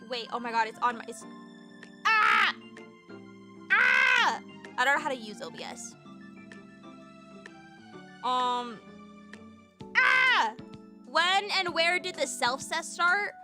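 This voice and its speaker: Casting: high, bright-voiced woman, chatty and profane, streaming live. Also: expressive, unhurried, faint music behind. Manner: bubbly, profane, chatty with viewers. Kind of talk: casual live-stream chat.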